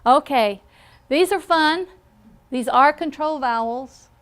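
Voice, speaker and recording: A woman with a high, somewhat bright voice and a Southern American accent teaches phonics in class. She takes it slowly and patiently, often pausing to ask "okay?"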